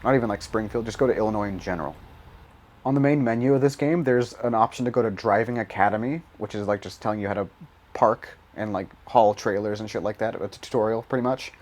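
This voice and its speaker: A man's voice: lowish voice, quick pace, darkish tone. A young man giving casual, rambling commentary while playing a driving game, swearing often and laughing at his own jokes. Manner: rambling, profane, self-mocking, laughs often. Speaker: gaming YouTuber.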